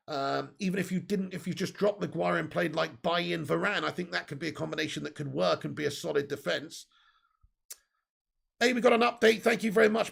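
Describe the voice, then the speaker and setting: A man with a raised, gravelly voice and husky edges, chatting on a live football fan stream. He reads out viewer comments and answers them with strong, opinionated takes and a laugh here and there. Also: a little high, a bit bright. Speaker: football fan channel host. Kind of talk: live stream chat reading super chats.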